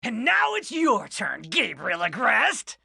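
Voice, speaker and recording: A woman's voice: a little high, wildly swooping pitch, slow, vocal fry, sharp tone, husky, full character voice. Woman playing a gloating plastic-mad villain. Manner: theatrical, gloating. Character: boastful plastic-obsessed male villain, grandiose.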